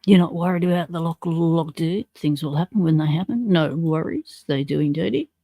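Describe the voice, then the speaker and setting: An Australian woman with a deep, dark-toned voice hosts a livestream, greeting viewers and reading their comments aloud at a moderate pace. She chats casually and slangily, and the recording is dry.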